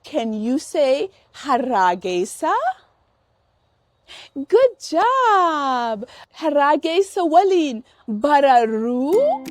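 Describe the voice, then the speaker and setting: A woman with an Oromo accent teaching toddlers in a slow, exaggerated, playful sing-song way, imitating bird calls. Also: high-pitched, very animated, no room sound. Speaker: children's language teacher.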